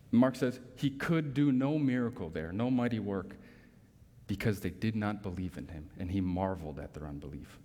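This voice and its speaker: A man's voice: mid-range voice, a little mellow. A man preaching a sermon as pastor, emphatic, drawing in listeners with rhetorical tag questions. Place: church sanctuary. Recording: long reverb from a large hall.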